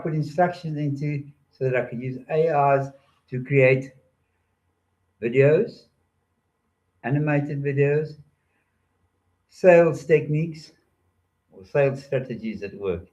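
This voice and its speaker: A man's voice: mid-range voice, measured pace, pauses often, darkish tone, highs cut off. An older man telling rambling stories in a playful monologue, joking and drifting from one topic to the next. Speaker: storyteller.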